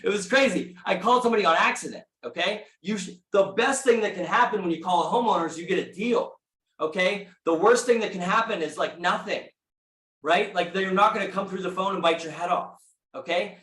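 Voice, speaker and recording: Man, motivational talk, fairly high voice, echoey room, energetic storyteller. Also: fairly quick. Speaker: speaker at a real estate meeting. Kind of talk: motivational talk to a live audience.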